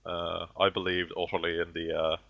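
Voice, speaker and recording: A man voicing a callous, condescending ancient heretic sorcerer who gives slow, grandiose speeches. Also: low voice, monotone, gravelly. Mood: menacing. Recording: dull lo-fi audio.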